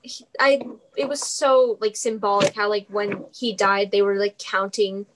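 A teenage girl chatting with a friend in an eager, drawn-out way, agreeing often. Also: medium pitch, flat delivery, a crowd in the background, rough recording. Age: teens. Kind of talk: casual chat about a musical.

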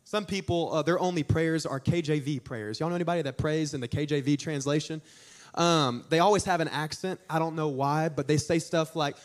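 A young man preaches like a youth pastor, talking to his congregation as if chatting with friends. His voice sits high for a man, and he tells stories with lively emphasis and quick punchlines. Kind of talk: sermon.

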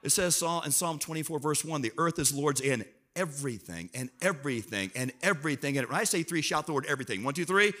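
Guest preacher, a man with a somewhat high, bright voice, joking with the congregation and calling for answers. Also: quick pace, few pauses. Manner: lively, self-deprecating, talks to the crowd and prompts responses. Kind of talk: sermon to a church congregation. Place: church auditorium.

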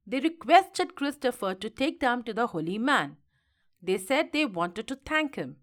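Female storybook narrator, unhurried, animated delivery. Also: fairly high pitch. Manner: slow, expressive reading. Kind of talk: storybook reading.

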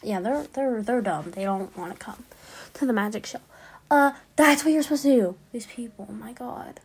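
A woman's voice: a little high, moderate pace, husky. A woman chatting casually as she plays a game, reading its lines aloud and reacting along the way. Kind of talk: gameplay commentary.

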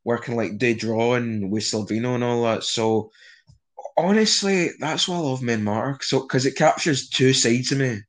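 A man's voice: mid-range voice, normal speed. A young Scottish man chatting casually in an interview, rambling with frequent restarts and swearing. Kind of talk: casual conversation.

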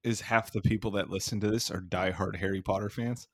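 A young man hosting a podcast, telling crude stories in casual, animated chat and swearing often. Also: lowish voice, brisk. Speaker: podcast host.

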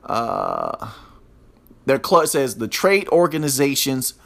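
A man's voice: medium pitch, wildly swooping pitch, slow pace, vocal fry, a bit bright. A man hosting a podcast alone, ranting with constant swearing and mocking sarcasm, talking straight to his listeners. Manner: talks to his listeners directly. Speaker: podcast host. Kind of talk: profane solo rant.

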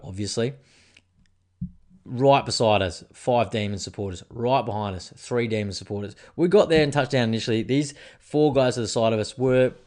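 An Australian man in his thirties hosting a casual podcast, rambling and swearing freely after a few drinks. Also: on the low side. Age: 30s. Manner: rambling, swearing, tipsy banter. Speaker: podcast host. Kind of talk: casual chat.

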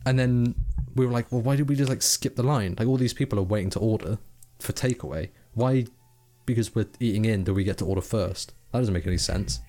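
A young man co-hosting a casual podcast, talking in long, animated runs. He swears freely and slips into quick impressions of other people, with faint music behind him. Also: lowish voice. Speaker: podcast co-host. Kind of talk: casual chat.

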